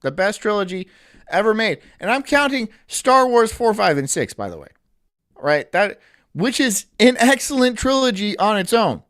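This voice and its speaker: A man's voice: high voice, big pitch swings, normal speed, a bit bright. A man streaming in casual chat, ranting in an incredulous, profane way.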